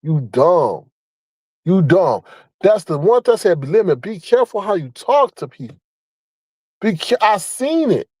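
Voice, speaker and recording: A man with a high-pitched voice delivers a blunt, profane rant, scolding and mocking as he hammers his points home by repeating them. The sound is dry and close, with no room around it. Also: big pitch swings, unhurried, a little mellow, slightly rough, no room sound, low-quality recording. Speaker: online commentator. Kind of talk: ranting commentary.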